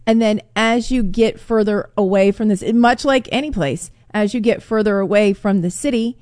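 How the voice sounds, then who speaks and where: A woman's voice: mid-range voice, normal speed, darkish tone, no room sound, studio quality. A woman hosting a radio show, chatting casually and telling stories with animation.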